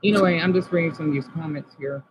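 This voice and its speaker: A man from Arizona streaming casually, reading chat comments aloud and reacting, moving between subdued talk and excited outbursts. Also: on the high side, quick pace, dull audio, slight background noise.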